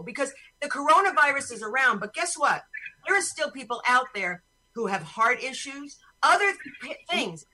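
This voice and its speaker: A woman hosts a podcast over a video call and rants in a blunt, profane way. Her voice is bright and set a little high. She talks as casual chat with friends. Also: low-quality recording. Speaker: podcast host.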